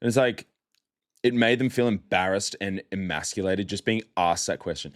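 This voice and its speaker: A young man with a deep voice hosts a podcast on his own, speaking at a normal speed. His casual monologue is chatty and mocking, and he laughs often as he goes.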